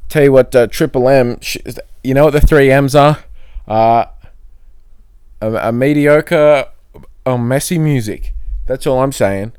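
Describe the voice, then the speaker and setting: A man hosting a solo comedy podcast, rambling and self-mocking in a deadpan way. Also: mid-range voice, unhurried, smooth. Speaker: podcast host. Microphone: podcast mic.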